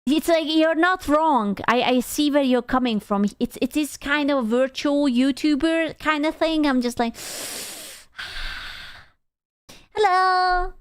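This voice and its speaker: A woman streamer chatting casually and reading comments, swearing freely and reacting with loud laughs and mock outrage. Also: sits high, moderate pace, hardly any pauses, dry recording, studio quality.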